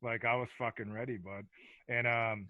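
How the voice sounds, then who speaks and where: A man's voice: mid-range voice, fairly even intonation, normal speed, no echo, phone-quality sound. A man in his forties, a former hockey enforcer, telling profane, laid-back stories as a podcast guest. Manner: profane, laid-back storyteller with filler words. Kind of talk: casual storytelling chat.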